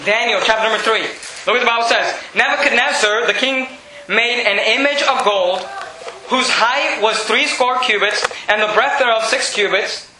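A man's voice: extremely high pitch, sharp tone, slight background noise. A male pastor preaching an emphatic, repetitive sermon in a church. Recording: very echoey room.

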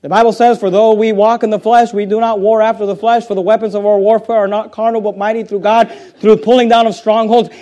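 A man preaching a sermon with impassioned emphasis, swinging between loud rising declarations and quiet intensity, repeating phrases for effect. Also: sits high, little pitch movement, quick pace, hardly any pauses, dull audio. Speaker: pastor.

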